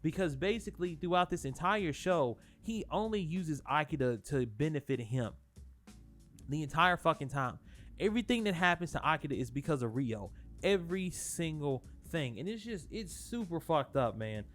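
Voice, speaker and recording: A man with a fairly high voice talks loosely and profanely, circling back on himself with fillers. Faint music plays under his voice. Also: lively intonation, normal speed, a bit bright. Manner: profane, rambling, frequent fillers and restarts. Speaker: channel host. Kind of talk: casual spoiler talk.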